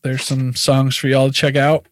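A man co-hosting a podcast in casual chat, agreeable and relaxed, announcing each segment of the episode review. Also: medium pitch, normal speed. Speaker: podcast co-host.

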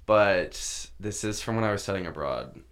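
A man's voice: on the low side, expressive, normal speed, a bit bright. A man in his twenties, a podcast guest, telling a story in casual chat and laughing often as he goes.

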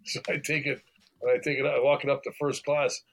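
An older man as a podcast guest, telling stories in a halting way, repeating words and laughing as he goes. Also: medium pitch, level tone, rough recording. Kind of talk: casual interview chat.

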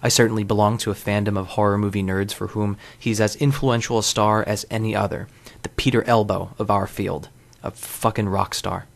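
A man hosting a podcast, reading wordy, wry essays in a deadpan way. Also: fairly low pitch, fairly quick, creaky. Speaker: podcast host. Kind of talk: scripted essay narration.

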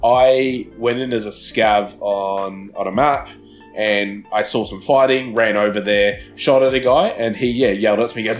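A man's voice: fairly low pitch, moderate pace, faint music behind. A young man, co-hosting a casual podcast, telling stories with lots of swearing and laughter. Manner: swearing, laughing storyteller acting out game chatter. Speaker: podcast co-host. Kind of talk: casual chat.

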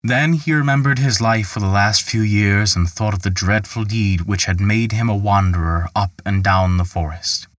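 Low-voiced male storyteller, dry sound. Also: fairly even intonation, normal speed, hardly any pauses, no echo, distant mic. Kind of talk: scripted folk tale narration.

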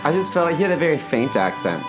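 A man's voice: a little high, very animated, quick pace, over music. A young man co-hosting a podcast, talking in a hesitant, wry way with many restarts. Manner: hesitant, restarts often, dry humor. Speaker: podcast co-host. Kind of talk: casual podcast banter.

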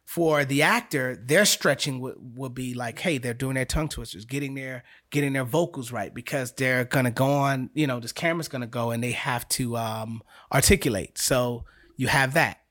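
A man's voice: mid-range voice, normal speed, a bit bright. A man, a guest acting coach, talking casually in an interview and coaching by repetition.

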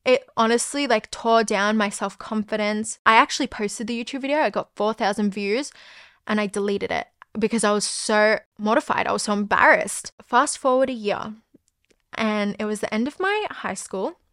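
A woman's voice: medium pitch, normal speed, fairly bright tone, clear, resonant tone, no echo. Chatty young woman, dry sound. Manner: chatty, heavy use of "like", candid and swearing. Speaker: podcast host. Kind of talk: casual personal storytelling.

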